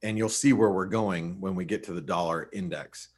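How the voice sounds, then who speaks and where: A man's voice: low voice, normal speed. A man giving a casual live webinar on currency charts, chatty and full of restarts. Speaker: forex market analyst.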